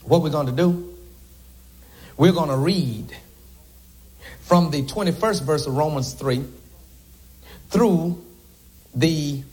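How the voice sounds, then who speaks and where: A man's voice: on the high side, slow, pauses often, darkish tone, low-quality recording. A man a sermon to a congregation, folksy and joking with asides to the crowd. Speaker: preacher.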